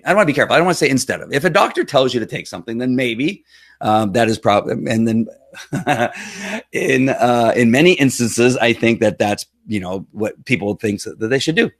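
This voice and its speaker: A man's voice: lowish voice, no echo, studio quality. A middle-aged man hosting a casual livestream, talking in an earnest, rambling way with many fillers and restarts. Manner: earnest and emotional. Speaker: livestream host.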